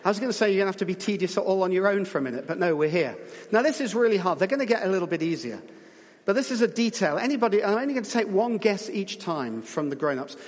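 High-voiced chatty preacher in a reverberant hall. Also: male voice, lively intonation, fast talker. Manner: chatty, jokey, coaxing the congregation. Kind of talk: lively church talk with audience guessing.

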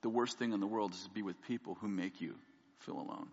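A man preaching a sermon, telling a candid, self-mocking personal story and quoting people in lively voices. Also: lowish voice, fast talker, slightly rough. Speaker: pastor. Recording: dull lo-fi audio with long hall reverb.

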